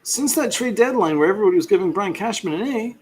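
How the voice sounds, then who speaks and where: A man's voice: high voice, lively intonation, fast talker, slightly rough. Fiery sarcastic man ranting about sports. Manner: fiery, sarcastic, swears a lot. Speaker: podcast host. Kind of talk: ranting sports podcast commentary.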